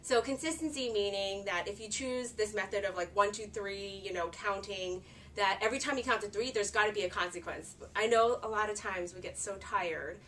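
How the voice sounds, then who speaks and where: A woman's voice: medium pitch, a little fast, fairly bright tone, distant mic, slight background noise. A woman in her thirties talking casually to camera about parenting, chatty and earnest with many filler words. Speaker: parenting vlogger.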